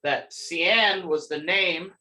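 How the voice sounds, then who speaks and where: Man narrating as game master, a bit high. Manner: relaxed, halting, many ums.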